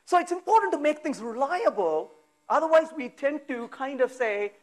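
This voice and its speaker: A man giving a technical talk at a conference, talking in a lively way, firing off rhetorical questions and acting out exasperated asides. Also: very high voice, moderate pace. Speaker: conference speaker. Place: conference hall.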